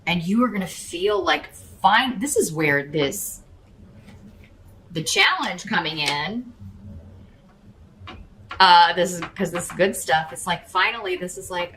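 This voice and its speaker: Slow and animated with long pauses, this woman's fairly low, fairly bright voice offers a casual tarot reading directly to the listener, calling them by their star sign. She rambles, hesitates, and keeps restarting with lots of fillers, on a rough recording.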